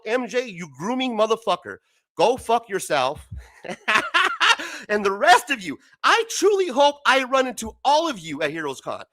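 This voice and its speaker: A man's voice: very high voice, pushed and bright. A man hosting a live stream and ranting heatedly, swearing a lot and laughing often. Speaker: host.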